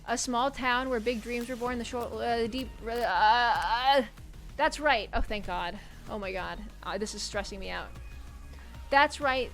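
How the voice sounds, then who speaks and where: Bright, excitable American woman streamer. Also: on the high side, moderate pace, soft background music. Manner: loud, swearing outbursts between calmer reading. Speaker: streamer playing a dating sim. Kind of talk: reading game text aloud and reacting.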